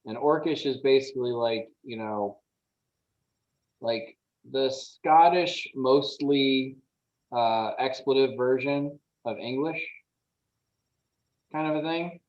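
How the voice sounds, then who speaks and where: A man's voice: medium pitch, a little mellow, highs cut off. A man running a tabletop game as game master, talking casually with frequent restarts and fillers. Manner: halting, many restarts and fillers.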